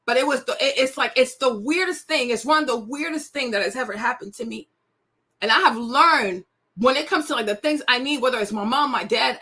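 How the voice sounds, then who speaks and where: Bright high-pitched woman in her thirties. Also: breathy edge. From United States. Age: 30s. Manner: emotional, confiding, repeats herself for emphasis. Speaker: host. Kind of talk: casual chat to camera.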